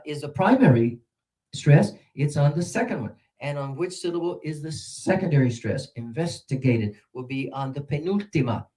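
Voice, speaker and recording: A man giving a workshop on teaching English pronunciation, repeating words slowly and counting syllables aloud. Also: fairly high pitch, a little mellow. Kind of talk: teacher-training workshop talk. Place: presentation room with a mic.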